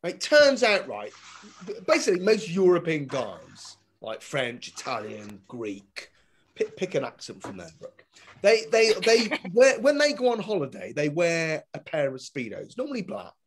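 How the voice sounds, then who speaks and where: A man doing a stand-up comedy routine, swinging between loud punchlines and muttered asides. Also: fairly high pitch, wildly swooping pitch, moderate pace. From Britain. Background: audience laughter.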